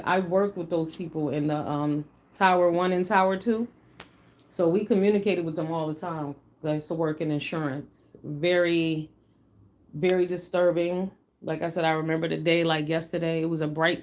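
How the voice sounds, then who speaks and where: Blunt, animated middle-aged woman livestreamer. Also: on the low side, normal speed. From United States. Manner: blunt, animated, swears freely. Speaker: livestream host. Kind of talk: casual livestream talk.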